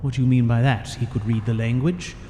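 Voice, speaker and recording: Man as a polite, curious young adventurer in a game story, mellow voice in a long-reverb space. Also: mid-range voice, a little hiss or hum, natural voice. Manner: polite, measured, questioning. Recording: long reverb, faint music behind.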